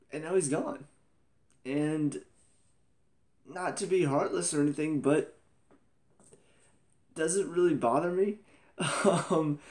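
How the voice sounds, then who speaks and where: In a TV episode review vlog, a young man talks casually in a fairly high voice. He's animated, laughs a lot and exclaims in disbelief.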